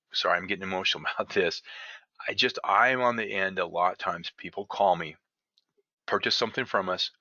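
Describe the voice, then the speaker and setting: A man's voice: fairly low pitch, sharp tone, no echo, lo-fi sound. A man teaching day trading in a live webinar, talking conversationally and asking the audience rhetorical questions.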